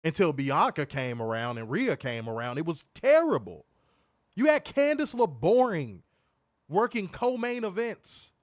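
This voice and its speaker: A man's voice: on the high side, huge pitch swings, unhurried, no echo, clean studio sound. A man hosting a wrestling review stream, ranting in a profane, mocking, emphatic way. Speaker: wrestling show host. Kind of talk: casual profane rant on a livestream.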